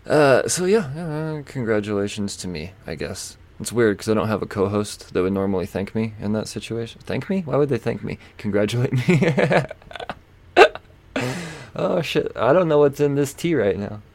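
A man with a low, gravelly voice hosts a solo podcast in a loose, rambling way. He fills gaps with ums, swears freely and pokes fun at himself as he goes. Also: animated, normal speed. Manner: rambling, self-mocking, swears, frequent fillers and laughs. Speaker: podcast host. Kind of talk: casual solo comic-book podcast chat.

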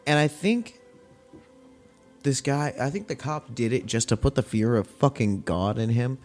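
Young man, mid-pitched, casual and foul-mouthed, tells stories with lots of energy. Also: measured pace, soft background music. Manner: profane, animated retelling with acted-out quotes. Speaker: podcast host. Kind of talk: casual storytelling rant.

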